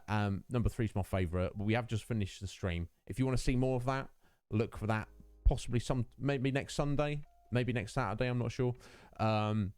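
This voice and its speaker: A man's voice: fairly low pitch, darkish tone, clear, resonant tone, no room sound. A British man in his thirties, a full-time streamer chatting casually and laughing with his viewers. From United Kingdom.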